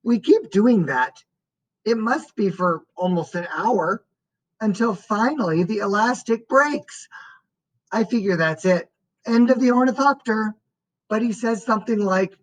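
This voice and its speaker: A woman reading a first-person story aloud as an audiobook narrator, in a slow and expressive way. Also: mid-range voice, poor audio.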